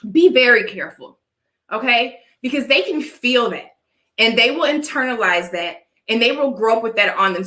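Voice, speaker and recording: A young adult woman speaks to her live chat in a casual opinion livestream, preaching her views and repeatedly asking "all right?" between dry coughs caused by allergies. Her sharp voice sits on the high side, heard in an echoey room with poor audio quality.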